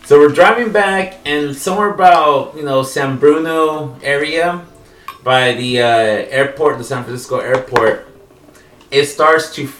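Male podcast storyteller, slangy and animated, higher voice, off-mic and echoey. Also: measured pace, far from the mic, a little hiss or hum. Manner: animated, slangy, acts out the characters. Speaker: podcast co-host. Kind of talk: casual storytelling. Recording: roomy echo, off-mic.

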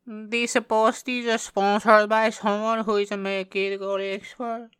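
A young man putting on an overdone Pakistani accent, pitched high and whiny, as a joke on a podcast. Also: little pitch movement, a little slow, a bit bright, clean tone, no echo. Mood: mock serious. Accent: put-on Pakistani.

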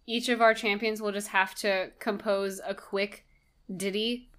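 A woman's voice: medium pitch, steady tone, a little slow, fairly bright tone. A woman hosting a podcast quiz in casual chat, giggly and apologetic.

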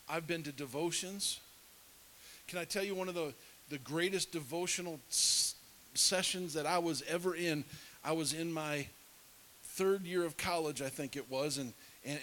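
A middle-aged man preaching with a somewhat high voice, telling a story with animation. He sometimes drops to a hushed whisper to act out scenes. A faint hiss runs under the recording. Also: rough recording. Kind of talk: sermon storytelling.

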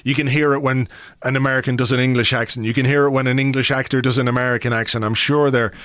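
A man's voice: medium pitch, fairly even intonation, quick pace, fairly bright tone, no room sound, studio quality. A man hosting a podcast, chatting casually about films with lots of ums and uhs. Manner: chatty, many fillers. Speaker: podcast host. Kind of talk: casual chat.

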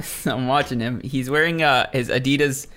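Laid-back young male chat guest, bright-toned, hesitant. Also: medium pitch, moderate pace. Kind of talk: casual chat.

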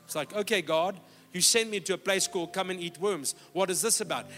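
A middle-aged man preaching a sermon, emphatic, swinging from loud exhortation down to low, quiet lines. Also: a little fast, faint music behind. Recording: long hall reverb.

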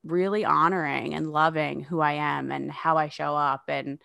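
A woman in her thirties speaks in a low, gravelly voice with plenty of fry. She talks frankly and sarcastically as a podcast guest and swears freely. The sound is dry and close. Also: fairly even intonation, normal speed, sharp tone, no echo. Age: 30s. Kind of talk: candid podcast conversation.

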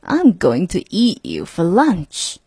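A woman voicing a hungry, sly snake in a storybook reading, with a low, hissing menace. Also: huge pitch swings, slow pace, darkish tone, breathy edge, no room sound, clean studio sound, heavily acted. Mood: menacing.

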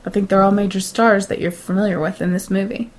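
A woman's voice: medium pitch, fairly even intonation, fast, a little mellow. An American woman co-hosting a casual movie review chat, teasing and pushing back on her co-host's claims. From United States. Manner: teasing, pushes back, laughs easily. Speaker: podcast co-host.

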